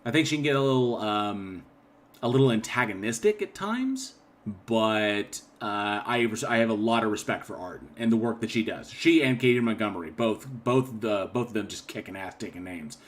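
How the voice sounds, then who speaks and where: Rambling man clearing his throat. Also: on the low side, lively intonation, moderate pace. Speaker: channel host. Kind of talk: casual livestream commentary, reading chat comments.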